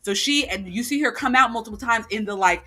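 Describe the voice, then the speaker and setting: Speaking a little high and briskly, this female podcast co-host animatedly recounts a story on a casual chat show, full of fillers and acted-out quotes. Soft music plays in the background.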